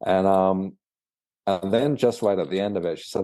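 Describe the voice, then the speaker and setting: A man, a guest and author, telling his story in a casual interview, halting and often repeating words. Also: deep voice, dark tone, no room sound, clean studio sound.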